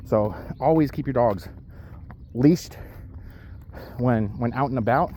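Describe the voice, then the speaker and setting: A man's voice: medium pitch, takes it slowly, mellow, slight background noise. A man talking casually into his camera while walking his dog outdoors, a bit out of breath from the uphill walk and rambling with lots of fillers. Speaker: powerlifter vlogging his day.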